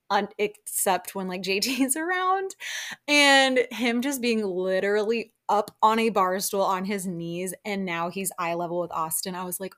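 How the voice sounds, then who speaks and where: Chatty woman podcast host. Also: medium pitch. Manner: chatty and animated, lots of "like" and laughs. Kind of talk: casual reality TV recap chat.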